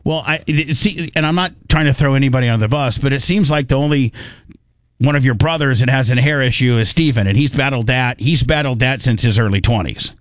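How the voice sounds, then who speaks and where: A male host in an easygoing conversation, joking and asking one question after another while he trips over and restarts his words. His voice sits at a middle pitch and sounds dry and close, with no room around it. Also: a little fast, dry recording. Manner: jokey, questioning, restarts sentences. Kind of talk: casual chat.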